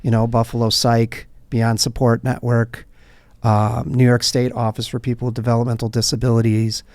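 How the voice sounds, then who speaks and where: A man's voice: mid-range voice, moderate pace, no echo. A man, a nonprofit coffeehouse director, telling stories in a podcast interview and acting out the people in them. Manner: animated storyteller who acts out the people in his stories.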